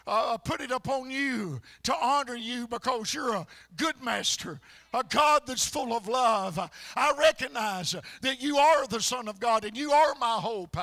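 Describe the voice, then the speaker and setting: A man's voice: very high-pitched, unhurried, dry recording, exaggerated voice. A man voicing an ashamed, weeping woman sinner. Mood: pleading. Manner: pleading, tearful, loud outbursts. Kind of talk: acted sermon illustration.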